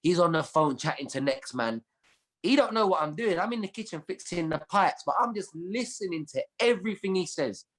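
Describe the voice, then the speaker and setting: A man with a London accent, a comedian chatting as a podcast guest and telling animated stories full of street slang. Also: sits high, a little fast. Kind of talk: casual chat.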